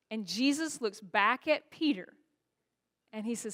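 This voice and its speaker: A woman's voice: fairly high pitch, lively intonation, normal speed, fairly bright tone. A woman pastor preaching a sermon in a church, asking the congregation rhetorical questions. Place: church sanctuary.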